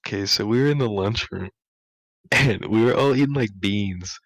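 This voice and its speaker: A young man with a fairly low voice tells his school stories in a loose, rambling way, stacking up "like" and laughing as he goes. The sound is dry and close, with no room in it. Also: normal speed, a bit bright, dry recording, low-quality recording. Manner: rambling, laughing, full of "like" fillers. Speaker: podcast co-host. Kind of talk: casual storytelling chat.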